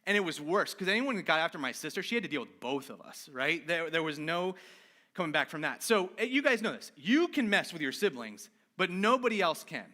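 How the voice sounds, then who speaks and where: A male pastor giving an informal, conversational sermon, animated and candid about his own failings, often checking in with "right?". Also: a little high, a little fast.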